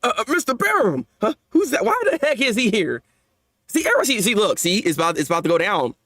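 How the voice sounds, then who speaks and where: A man with a high, lively voice that leaps all over the place, reacting live in a casual, slangy way. He stumbles and repeats words as he talks, and the recording is dry and close. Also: fast, dry recording. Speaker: manga reaction YouTuber.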